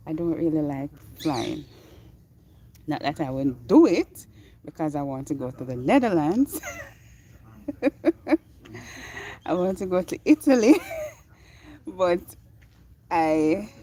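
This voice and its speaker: A woman with a Jamaican accent, chatting on a live-streamed walking vlog from a phone held in her hand on a quiet mountaintop. She talks in a rambling way and laughs often. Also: sits low. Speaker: vlogger. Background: birds chirping.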